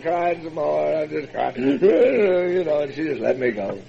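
A man telling his personal recovery story as a meeting speaker, in a folksy, halting way with many fillers and chuckles. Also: a little high, lively intonation, creaky. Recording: dull lo-fi recording.

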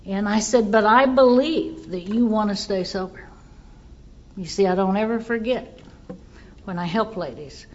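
A woman's voice: medium pitch, a little slow, lo-fi sound. A woman giving a personal recovery testimony, telling her story earnestly and voicing the people in it. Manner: earnest storytelling, quotes others in dialogue.

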